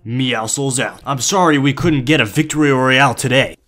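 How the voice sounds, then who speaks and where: A man voicing a deadpan male cat AI bot, announcing things in a flat, monotone way. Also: medium pitch, moderate pace, pitched below the performer's own voice, lightly acted.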